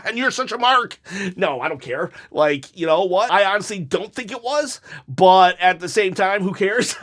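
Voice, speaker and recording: A man's voice: high-pitched, moderate pace, a bit bright. A man hosting a casual show, reading out viewer comments and answering them in a rambling, self-correcting way with frequent laughs. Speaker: host reading viewer hot takes. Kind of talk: casual chat.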